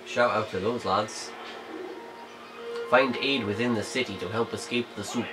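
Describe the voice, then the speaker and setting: A man's voice: on the low side, steady tone, moderate pace, music in the background, low-quality recording. A man casually commenting on his gameplay as a let's play host, jokey and playful, humming and muttering to himself.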